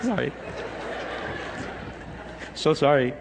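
A man's voice: on the high side, expressive, drawn-out words, creaky, crowd noise, background noise. A middle-aged man with an East Los Angeles accent preaching a sermon, emphatic and joking as he counts through a numbered list. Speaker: pastor. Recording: echoey hall with long reverb.

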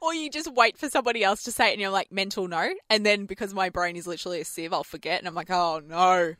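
A woman's voice: mid-range voice, rapid-fire, bright, forceful tone, dry recording, clean studio sound. A woman co-hosting a radio show, chatting casually and animatedly, often laughing. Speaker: radio co-host.

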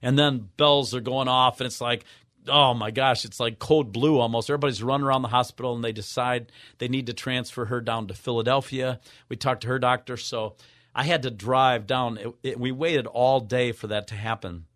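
A man's voice: mid-range voice, steady tone, normal speed, fairly bright tone, no echo. An older man shares a moving personal story as a radio guest. He is earnest and slips into the voices of the people he quotes. The sound is dry and close, with no room around it. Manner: earnest, acts out quoted voices with wide swings.

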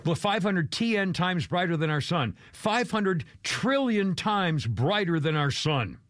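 A man's voice: expressive, a little slow, a bit bright, dry recording, studio quality. A male radio host telling stories in casual banter, rambling and chuckling as he goes. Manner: rambling, chuckling, wide swings of pitch.

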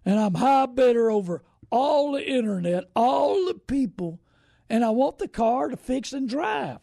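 A middle-aged man talks through a casual live stream about buying cars, folksy and rambling. His voice sits high and is husky and mellow. The sound is dry and close. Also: lively intonation, a little slow, dry recording. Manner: folksy and rambling, greets viewers by name. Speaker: host of a car-buying show.

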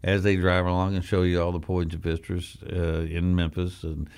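Older man, very low voice, radio talk show host, folksy storyteller, jokey asides, studio chat. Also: monotone, moderate pace, a little mellow, smooth.

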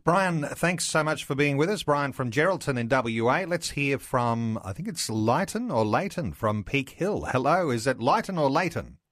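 A man's voice: medium pitch, expressive, moderate pace, few pauses, fairly bright tone, dry recording, studio quality. A man hosting a Christian talk radio show and taking listener calls.

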